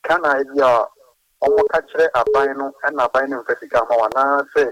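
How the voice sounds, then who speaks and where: A man calling in to a sports radio show, talking haltingly with many repeats. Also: mid-range voice, steady tone, fairly bright tone, no echo, rough recording. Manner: halting, repetitive. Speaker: caller. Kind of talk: phone-in call.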